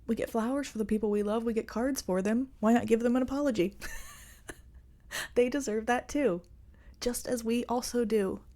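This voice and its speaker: Earnest woman hosting a podcast, mellow voice. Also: fairly high pitch, moderate pace. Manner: earnest, confiding, gently coaching. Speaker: podcast host. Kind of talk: reflective solo podcast talk.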